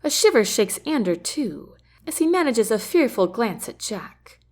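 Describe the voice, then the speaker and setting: Woman reading her novel out loud, first person, lots of ups and downs in her voice. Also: a little high, measured pace. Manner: expressive, varied reading. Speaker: audiobook narrator.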